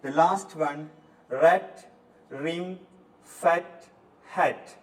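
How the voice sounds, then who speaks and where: A man teaching a recorded English lesson from Sri Lanka, drilling words slowly one at a time. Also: fairly high pitch, darkish tone. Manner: slow, deliberate word-by-word drilling. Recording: distant mic, faint room noise.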